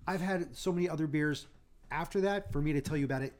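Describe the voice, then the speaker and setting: Man, slightly high voice, rambling, joking, casual chat. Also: quick pace, darkish tone. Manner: rambling, joking, restarts a lot.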